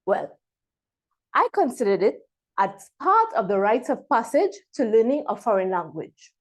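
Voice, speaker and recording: A woman from Trinidad and Tobago, giving a prepared speech over a video call and pausing dramatically between words. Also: a little high, big pitch swings. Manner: dramatic pauses, emphatic word-by-word delivery. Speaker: club member giving a speech.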